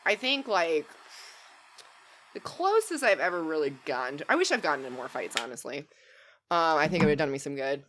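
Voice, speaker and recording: A young woman, a podcast guest, telling stories in casual chat, animated and laughing, sometimes shouting as she acts out what she said. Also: low voice, fairly quick, slight background noise. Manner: animated, laughing, swings into loud shouted retellings.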